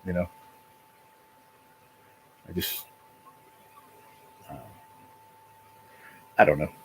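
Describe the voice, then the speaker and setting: A man hosting his own livestream from his apartment, talking casually and emotionally in a halting, repetitive way with a lot of swearing. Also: deep voice, fairly even intonation, a little hiss or hum, rough recording. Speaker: livestream channel host. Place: apartment at home.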